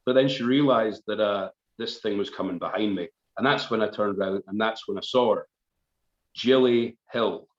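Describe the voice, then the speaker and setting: A man's voice: on the low side, moderate pace. A man spins a rambling, self-mocking yarn over a live stream. He often stops to laugh at himself. The audio sounds roomy and a little dull, like a stream captured in an echoing indoor space. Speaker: folk band member on live stream. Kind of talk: casual storytelling.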